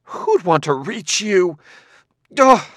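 Guy reading as an upset young woman, high quavery voice, very lively. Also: measured pace, dry recording, clean studio sound. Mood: furious. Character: distraught, fiery young woman under suspicion. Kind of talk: audiobook character voice.

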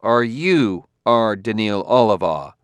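A man voicing a wary male detective who talks crisply and gives orders. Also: lowish voice, expressive, slow pace, no room sound. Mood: commanding. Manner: sharp, giving crisp orders.

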